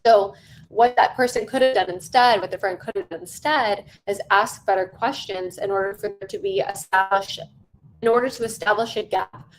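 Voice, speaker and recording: A woman's voice: mid-range voice, steady tone, normal speed, a little hiss or hum, low-quality recording. A woman teaching sales-call technique in a conversational coaching lesson. She stresses points by repeating them and often checks in with "right?". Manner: emphatic, repeats key phrases for stress. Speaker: sales trainer.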